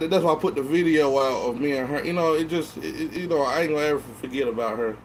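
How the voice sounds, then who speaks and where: A man's voice: fairly high pitch, fast talker, slight background noise. A tipsy man rambling in casual chat to his viewers, stammering through restarts and swearing constantly. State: tipsy from drinking. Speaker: vlogger.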